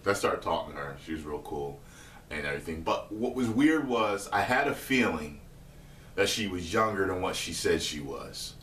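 Deep-voiced man telling a casual story. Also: animated, moderate pace, a bit bright, a little hiss or hum. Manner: loose, slangy, swearing, laughing. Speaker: vlogger. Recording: echoey room, mic far off.

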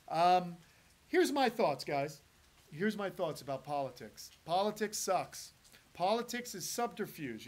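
A middle-aged man with a fairly high voice chats live with his viewers in a loose, rambling way. He hosts an animal channel and leans on fillers and restarts while answering questions. He sounds relaxed and unscripted. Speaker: host of a reptile channel.

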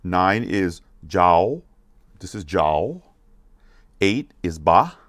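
A man teaching children a counting song, going slowly and repeating each word so they can follow. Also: low-pitched, very animated, fairly bright tone, no echo, clean studio sound. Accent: American. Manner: repeats words slowly, asks questions to check along. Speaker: music teacher. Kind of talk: slow, patient lesson for kids.

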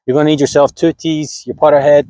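A man's voice: a little high, little pitch movement, quick pace, mellow, no echo. A man teaching golf on camera, joking as he stumbles over his lines and keeps restarting his takes. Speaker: golf instructor. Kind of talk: flubbed on-camera takes for a golf tip video.

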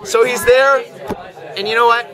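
A teenage boy telling a long, drawn-out joke story to friends with a teasing delivery. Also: very high voice, fairly even intonation. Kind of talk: casual shaggy-dog storytelling. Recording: outdoor crowd chatter. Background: chatter of a group nearby.

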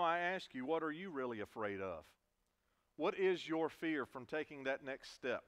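A man's voice: a little high, a bit bright. A man preaching a sermon in a church, earnest, stressing key words and repeating them for emphasis. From Virginia, US. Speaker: pastor. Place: church sanctuary.

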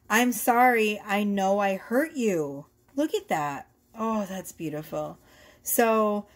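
Excitable woman giving a tarot reading. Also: mid-range voice. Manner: excitable, swears, laughs at her own reading. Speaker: tarot reader. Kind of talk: casual tarot reading to camera.

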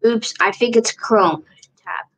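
A woman's voice: on the high side, takes it slowly, a bit bright, low-quality recording. A woman streaming live, chatting casually to herself while she shares her screen and repeats her questions.

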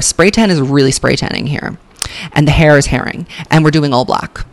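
A woman vlogger giving casual, sassy fashion commentary, gushing and cutting by turns, swearing freely, drawing out words for emphasis and then rushing. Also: low voice. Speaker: pop culture vlogger.

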